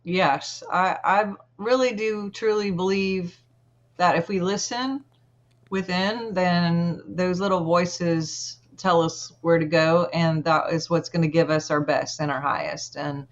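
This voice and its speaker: A woman guest telling a personal story in an interview, earnest and halting, with many pauses. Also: fairly low pitch, fairly even intonation, highs cut off.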